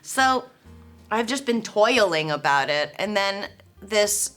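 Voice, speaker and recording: Guest, woman in her 40s, bright lively tone, rambling self-deprecating chat. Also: mid-range voice, slow pace, soft background music. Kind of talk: casual chat.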